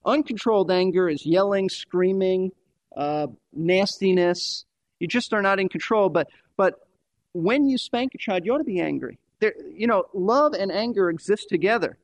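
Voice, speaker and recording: High-voiced emphatic male preacher. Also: expressive, normal speed, no echo. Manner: emphatic, repeats key phrases for stress. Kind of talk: sermon.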